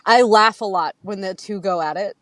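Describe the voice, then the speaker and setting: Casting: woman, 30s, mid-pitched, chatty storyteller who acts out quotes and laughs often. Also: normal speed, fairly bright tone, no room sound, poor audio. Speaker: guest. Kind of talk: casual chat.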